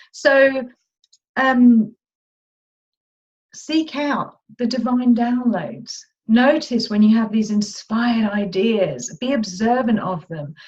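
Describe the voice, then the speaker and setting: A woman's voice: fairly high pitch, darkish tone. Upbeat woman coach on a video call. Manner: upbeat, chatty, informal. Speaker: money mindset coach. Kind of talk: live online masterclass. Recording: dull lo-fi video call audio.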